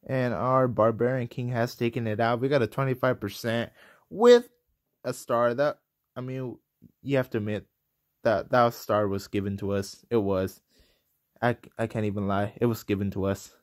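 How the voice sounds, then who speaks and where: An excitable young man talks through his gameplay in a loose, rambling way. He flips fast between confident boasting and frustrated outbursts, with plenty of fillers. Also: medium pitch. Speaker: gaming commentator. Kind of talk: casual gameplay commentary.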